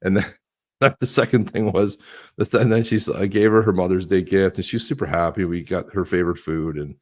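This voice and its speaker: Deep-voiced rambling male co-host. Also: fairly even intonation, fairly quick, a little mellow. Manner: rambling, chatty, with many restarts. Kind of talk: casual live-stream chat.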